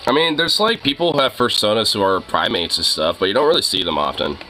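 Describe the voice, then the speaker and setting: Animated, rambling young man. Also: fairly low pitch, fast talker, soft background music, poor audio. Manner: rambling, lots of "like" and swearing. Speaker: streamer chatting with viewers. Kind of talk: casual chat.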